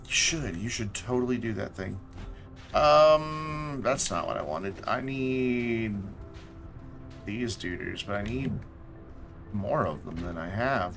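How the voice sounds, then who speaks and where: Speaking slowly and pausing often, a man with a fairly low, slightly bright voice narrates his game on a live stream, animated, with faint music in the background. He chats casually, addressing himself and objects on screen, and mumbles and repeats himself as he thinks aloud.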